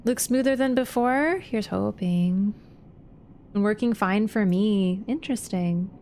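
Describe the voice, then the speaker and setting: A woman's voice: mid-range voice, unhurried, dark tone, a little hiss or hum. Chatty woman game streamer, casual swearing. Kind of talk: casual livestream chat.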